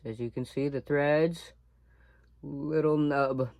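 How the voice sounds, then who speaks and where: A man's voice: a little high, steady tone, takes it slowly, vocal fry, darkish tone, no room sound. Young man talking through a workshop job. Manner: talks through each step while working. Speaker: student demonstrating a workshop task. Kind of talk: casual hands-on demonstration.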